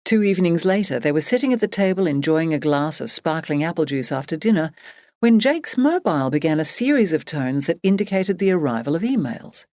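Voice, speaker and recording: Lady reading an audiobook, lowish, very dry, lots of up and down. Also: big pitch swings, brisk, mellow, no echo. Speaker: audiobook narrator. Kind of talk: scripted narration.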